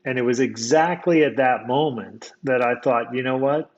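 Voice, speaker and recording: A man from the United States tells a personal story in a relaxed, reflective conversational way. He talks at an ordinary pitch and often circles back and restarts his sentences. The recording sounds somewhat dull and lo-fi. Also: moderate pace. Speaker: guest storyteller.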